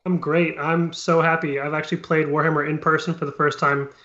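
A man's voice: fairly high pitch, little pitch movement, a little fast, pushed and bright, muffled recording. A man joining a casual podcast as a guest, easygoing and self-deprecating. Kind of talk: casual chat.

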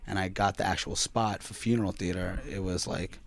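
A man's voice: sits low, brisk, gravelly. A middle-aged man from Queens, chatting as a podcast guest and acting out people in his stories with lots of swearing. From Queens, New York. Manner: animated, profane, acts out voices in stories. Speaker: podcast guest, film screening organizer. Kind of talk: casual chat, storytelling.

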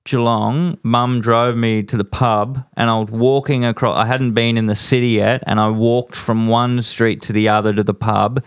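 A man's voice: medium pitch, little pitch movement, moderate pace, few pauses, clean tone, no room sound. A young Australian man tells stories in a laid-back, chatty way, often laughing as he goes. His voice sits in an ordinary middle range, recorded dry and close. He sounds at ease as a guest in a studio chat. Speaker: comedian guest. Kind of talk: casual storytelling chat. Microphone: studio mic.

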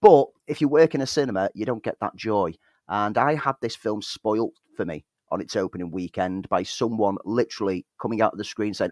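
A man's voice: on the low side, a little fast, darkish tone, no echo, clean studio sound. A British man co-hosting a podcast, telling stories in casual chat. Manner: chatty, storytelling. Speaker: podcast co-host.

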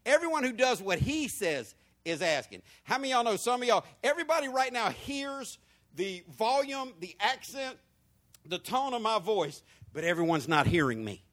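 High-pitched preacher, soaring and dipping. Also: male voice, sing-song, normal speed, fairly bright tone. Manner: preaching with big swings in pitch and volume, rhetorical questions to the congregation. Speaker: pastor. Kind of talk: sermon.

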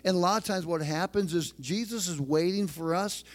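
A middle-aged pastor preaches a sermon with emphasis, repeating phrases and slowing down on key lines. His voice sits high.

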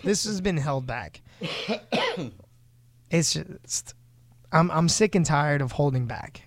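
Here a show host delivers a casual podcast rant, heated and blunt, cursing as he vents and imitating others with put-on voices. The recording is dry, and his fairly high voice is animated but slow-paced.

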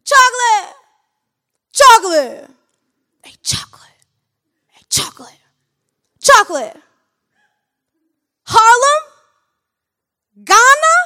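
A woman performing a brash male street catcaller in a spoken-word poem, loud and coaxing, calling out in a sing-song voice. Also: very high voice, voice pushed up, full character voice.

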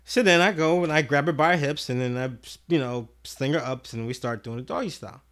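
A man hosting a podcast, telling a rambling, profane story and acting out the other people's voices with big jumps in tone. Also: brisk. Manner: animated, acts out voices with big pitch jumps; profane, rambling with many restarts. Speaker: podcast host. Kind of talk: casual storytelling chat.

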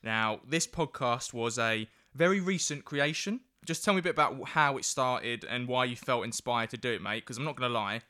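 Young man, podcast host, bright forward tone, friendly teasing banter, casual chat. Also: medium pitch, moderate pace, hardly any pauses.

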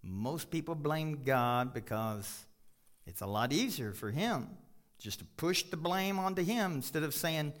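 A man preaching a sermon in a church, folksy and joking, with sudden loud high bursts and quiet drops. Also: animated, a little slow. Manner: folksy, jokes with the congregation. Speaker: pastor.

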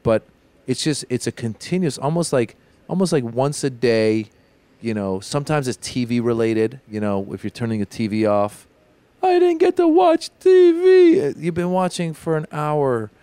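A man co-hosting a casual comedy podcast, telling animated stories, acting out dialogue and using many "like" fillers. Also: mid-range voice, normal speed, clear, resonant tone, dry recording. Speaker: podcast co-host.

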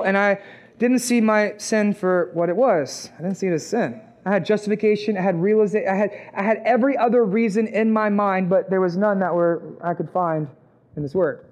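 A man, perhaps in his twenties, preaching a sermon with a personal testimony, talking conversationally and rising to loud, emphatic peaks. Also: high-pitched. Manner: conversational, acts out quoted voices, rises to loud emphatic peaks.

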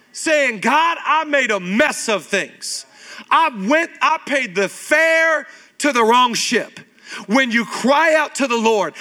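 A male pastor in his thirties preaching a sermon, animated, firing rhetorical questions at the congregation. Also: sits high. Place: church stage.

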